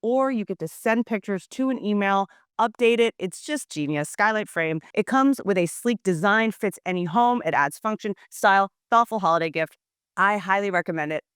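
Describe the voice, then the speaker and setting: Brief: woman host, casual sponsor read, playful asides, mid pitch, dry mic. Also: normal speed, a bit bright, clear, resonant tone, dry recording. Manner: breezy, jokey sponsor pitch. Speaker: podcast host.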